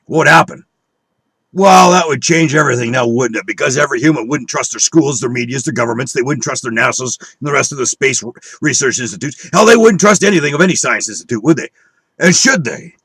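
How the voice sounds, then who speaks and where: A man's voice: medium pitch, expressive, brisk, a bit bright, husky, no room sound. A man delivering a profane, combative rant at his viewers, scornful and preaching, with a dry close recording. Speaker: online video speaker. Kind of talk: angry conspiracy rant.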